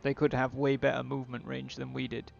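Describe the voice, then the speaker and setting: A man's voice: mid-range voice, monotone, fairly quick, vocal fry, highs cut off, faint music behind. A man on a live game stream, casually thinking aloud about his moves.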